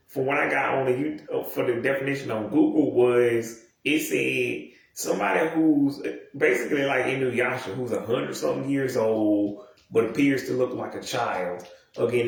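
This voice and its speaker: A man's voice: medium pitch, creaky. A man in his thirties rambling casually and profanely, with many restarts and asides. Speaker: video commentator. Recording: very echoey room, mic far off.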